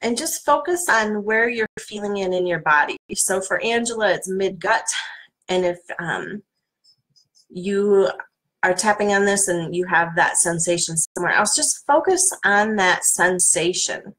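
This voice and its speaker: A middle-aged woman coach leading a guided tapping workshop in a calm, soothing manner. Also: medium pitch, measured pace, low-quality recording. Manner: calm, soothing guidance with playful repeated names.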